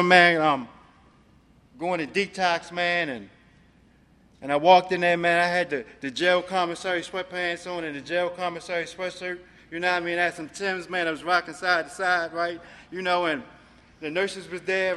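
A man's voice: sits high, bright, forceful tone, long reverb tail. A man from Maryland giving a personal recovery testimony, streetwise and profane, filling his talk with "man". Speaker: recovery speaker.

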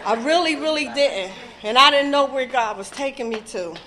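A middle-aged woman giving a raw, profane personal testimony at a recovery meeting, swinging between hushed and shouting. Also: sits high, expressive, moderate pace, crowd noise. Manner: raw, emotional, profane storytelling.

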